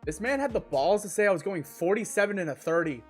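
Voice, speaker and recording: A man's voice: sits high, fast, slightly rough, soft background music. Young man ranting through a profane storytime. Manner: animated, profane storytelling with sudden incredulous outbursts. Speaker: livestreamer. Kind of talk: ranting storytime on a live stream.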